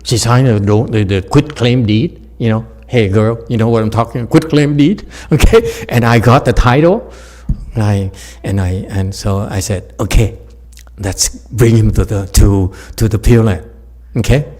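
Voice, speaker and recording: A man with a lowish, slightly mellow voice speaks at a normal pace. He's a Buddhist meditation teacher giving an informal dharma talk, telling jokey stories, laughing often and addressing his listeners directly.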